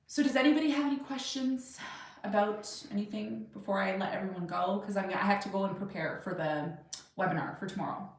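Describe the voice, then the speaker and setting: A woman's voice: medium pitch, fairly quick, distant mic. A woman in her thirties hosting an astrology livestream from her desk at home, chatting with viewers and answering their questions in a rambling, self-assured way. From Jamaican, Irish and Serbian heritage. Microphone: webcam or camera at a desk. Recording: very echoey room, voice set back from the mic.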